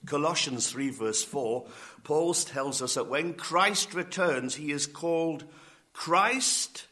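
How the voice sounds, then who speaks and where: A man delivering a sermon as a pastor, emphatic and deliberate, rising on key words and coughing now and then. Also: on the high side, pushed and bright.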